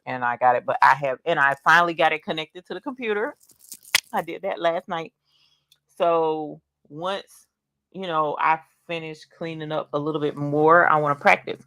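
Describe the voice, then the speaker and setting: A woman's voice: low voice, dry recording. A woman hosting a casual livestream from her home craft studio. She chats in a rambling way, greets viewers, reads out their comments and laughs often. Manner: animated, with bursts of laughter and cheering.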